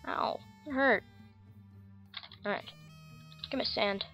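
A woman's voice: medium pitch, a little slow, long pauses, sharp tone, highs cut off, faint music behind. Rambling, goofy American woman gaming. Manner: rambling, goofy, chatty with many fillers. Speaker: gaming channel host. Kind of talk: casual Minecraft gameplay commentary.

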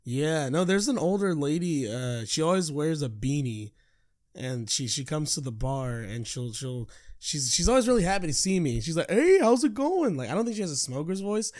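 A man's voice: a little high, animated, moderate pace. A young man, joking and laughing often while co-hosting a podcast. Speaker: podcast co-host. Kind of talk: casual chat.

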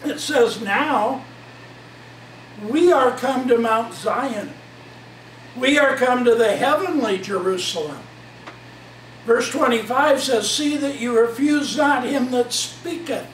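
High-voiced man preaching in an echoey hall. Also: takes it slowly, fairly bright tone, a little hiss or hum. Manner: fervent, quotes scripture at length. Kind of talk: sermon. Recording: echoey room, mic at a distance.

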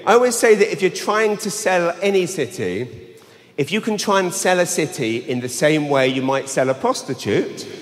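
A London-accented comedian from England, fairly high-pitched with lively intonation and a normal pace, works a huge arena crowd on a handheld mic with brash, sweary material. Long reverb and a faint hum fill the live recording.

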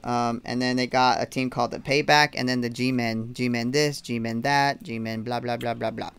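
Smooth-voiced easygoing man. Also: medium pitch, fairly even intonation, normal speed, fairly bright tone. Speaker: podcast co-host. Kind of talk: casual podcast chat.

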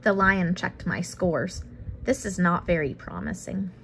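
A woman reading a picture book aloud for the first time, adding relaxed, casual asides. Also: fairly low pitch, unhurried, gravelly, a little hiss or hum. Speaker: storybook reader.

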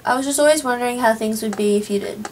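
A young woman's chat messages, read softly by a woman. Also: fairly high pitch, fast talker, a little hiss or hum, close to an everyday voice, rough recording. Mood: quiet. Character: young woman chatting online after a breakup. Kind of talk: reading in-game chat lines.

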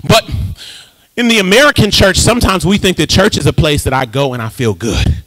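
A man preaching in a high, bright voice with a gravelly rasp running through it. He swoops all over his range, lifting into sing-song rises as he jokes and calls out to the congregation in a church sanctuary. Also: brisk, rough recording. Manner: lively call-and-response preaching with humor and sing-song rises. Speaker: pastor. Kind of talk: sermon.

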